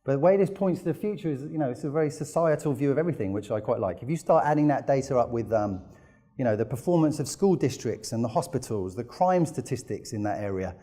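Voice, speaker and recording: A man's voice: mid-range voice, animated, quick pace, dark tone. A man from the United Kingdom giving a business presentation, telling enthusiastic stories with lots of "you know" fillers. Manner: enthusiastic storytelling with frequent fillers. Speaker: conference speaker.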